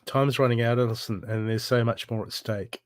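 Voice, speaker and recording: A man's voice: medium pitch, fairly even intonation, moderate pace, no room sound, studio quality. A man giving a live intuitive reading, blunt and urgent, swearing freely as he presses the listener to heal. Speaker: spiritual reader.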